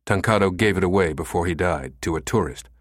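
A man voicing a calm, cold American conspirator who talks in a quiet, soothing way in an audiobook. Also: deep voice, brisk, dry recording, clean studio sound.

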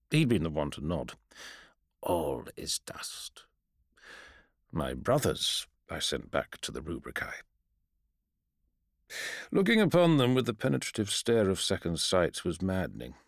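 A man reading a first-person fantasy story aloud in a measured, solemn storytelling manner. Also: on the low side, no room sound, clean studio sound. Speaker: audiobook narrator.

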